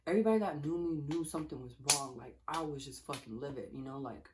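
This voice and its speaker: A woman's voice: sits low, fast, background noise. A young woman vlogger telling a story casually while eating, swearing a lot and acting out what people said. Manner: profane, animated, acts out quotes.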